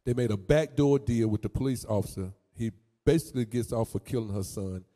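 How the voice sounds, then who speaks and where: A man commentating on a court clip in a religious talk show, animated and repetitive, stammering and swinging into loud sing-song lines. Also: medium pitch, brisk, long reverb tail.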